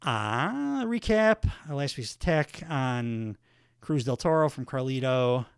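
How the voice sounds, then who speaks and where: A man's voice: mid-range voice, sing-song, slow, smooth, no room sound, clean studio sound. A man hosting a podcast, giving a casual, rambling recap of a wrestling show with plenty of fillers. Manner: rambling, filler-heavy commentary. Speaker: podcast host.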